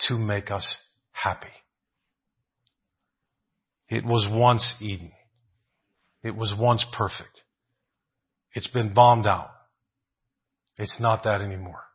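A man's voice: medium pitch, breathy edge, lo-fi sound. A man preaching a sermon, asking rhetorical questions, often adding "right?" and repeating phrases for emphasis.

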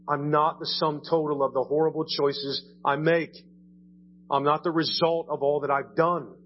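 A man's voice: fairly high pitch, dull audio, slight background noise. Conversational man preaching a sermon. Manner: conversational preaching, frequent "right?" asides, repeats words. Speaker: pastor. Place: church sanctuary.

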